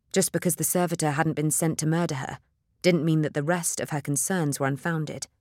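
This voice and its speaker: A woman narrating an audiobook at a steady, measured pace. Her voice sits a little low. The recording is dry and close, with no room sound. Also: no room sound. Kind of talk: scripted narration.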